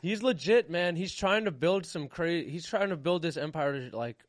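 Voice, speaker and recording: A young man co-hosting a podcast, relaxed and full of slang. His voice is a touch high. It is recorded dry and close, with no room sound. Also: normal speed, no room sound. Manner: laid-back slangy talk. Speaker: podcast co-host. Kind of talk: casual podcast chat.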